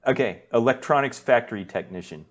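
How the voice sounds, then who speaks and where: A man co-hosting a podcast in casual chat, easygoing and quick to laugh. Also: medium pitch, muffled recording. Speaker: podcast co-host.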